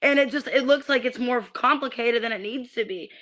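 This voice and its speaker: Woman tarot reader, high tense voice, irritated ranting, swears, stumbles on restarts. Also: brisk, a bit bright. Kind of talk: livestreamed tarot reading.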